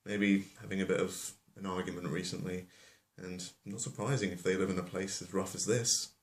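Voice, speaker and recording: A man's voice: low-pitched, fairly even intonation, normal speed. A man telling a fairy tale as a comedy, rambling with offhand asides. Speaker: storyteller. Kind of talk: comic storytelling. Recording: roomy echo.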